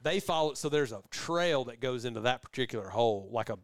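A man's voice: mid-range voice, brisk, dry recording, studio quality. A middle-aged man, hosting a podcast and telling a long rambling story in casual chat. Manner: rambling storyteller, animated voices for quoted people. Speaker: podcast host.

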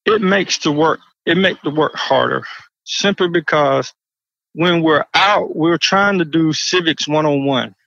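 A gravelly-voiced man talks through a muffled, lo-fi phone line. He answers an interviewer earnestly, stopping and restarting his sentences. The sound is dry and close. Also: a little high, a little slow, a bit bright, no room sound. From Georgia, United States. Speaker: county commissioner interviewed by phone.

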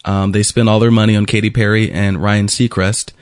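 A man's voice: fairly low pitch, little pitch movement, a little fast, clean tone, dry recording, clean studio sound. A man co-hosting a radio show, chatting casually with lots of ums and laughs. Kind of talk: casual banter.

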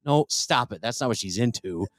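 A man hosting a podcast, loud and laughing, swearing often with mock exasperation. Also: mid-range voice, animated, normal speed. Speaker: podcast host. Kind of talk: crude casual banter.

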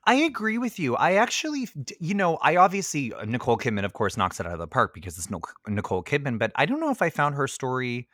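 A man's voice: mid-range voice, quick pace, hardly any pauses, no echo. Chatty man, dry close sound. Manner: chatty, many fillers, animated asides. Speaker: podcast co-host. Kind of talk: casual movie review chat.

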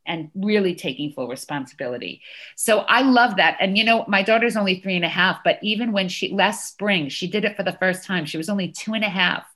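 A woman's voice: mid-range voice, fairly quick, a bit bright. A woman in her thirties, a parenting educator, explaining in an interview and often checking in with "right?". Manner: earnest, often adds "right?" to points.

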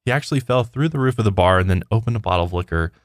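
低沉男声，轻松闲聊的播客主持人. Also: male voice, lowish voice, expressive, racing, no room sound, studio quality. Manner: easygoing, laughs often. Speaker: podcast co-host. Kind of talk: casual chat, reading news stories.

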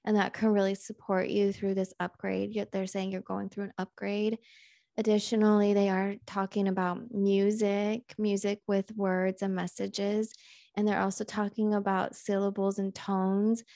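A woman hosting a podcast, leading a guided channeling session in a calm, unhurried, musing way. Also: medium pitch, vocal fry, no room sound, studio quality.

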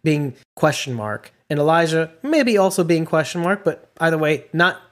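A woman's voice: low voice, lively intonation, normal speed. A woman co-hosting a podcast, talking through a TV episode in casual chat with wry jokes and frequent laughter. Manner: joking, laughs often, wry asides. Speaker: podcast co-host.

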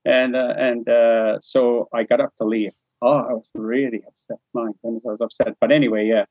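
Husky man telling an animated story. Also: mid-range voice, normal speed, few pauses, dry recording. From New Brunswick, Canada. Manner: animated storyteller, acts out dialogue, frequent chuckles. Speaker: interviewee telling his life story. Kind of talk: casual spoken memoir. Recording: dry, slightly muffled recording.

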